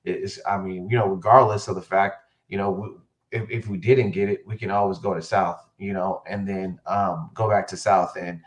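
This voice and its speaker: A man's voice: deep voice, moderate pace. A man, a co-head football coach, telling stories in an interview, full of fillers and restarts, acting out what others said. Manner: animated storyteller who acts out quotes, many fillers and restarts. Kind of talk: interview storytelling.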